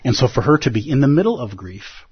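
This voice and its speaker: Husky man giving a dharma talk. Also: mid-range voice, big pitch swings, fast talker. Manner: conversational, asks the audience rhetorical questions. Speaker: Buddhist teacher. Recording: dull lo-fi recording.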